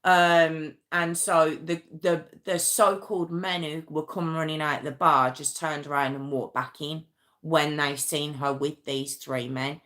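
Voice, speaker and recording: A woman hosting her own channel, retelling a true-crime story in a casual, emotional and halting way, with many restarts and pauses. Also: sits low, fairly even intonation, a bit bright.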